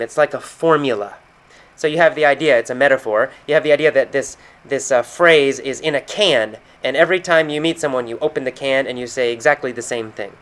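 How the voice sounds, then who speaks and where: An American man, an English teacher, slowly and patiently explaining vocabulary and quoting example phrases. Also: mid-range voice, a bit bright. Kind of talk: explaining vocabulary from a recorded conversation. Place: San Francisco.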